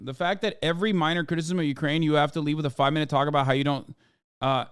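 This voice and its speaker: Man, streamer, casual reaction rant, sarcastic, profane, higher pitched, clean resonant voice. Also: smooth.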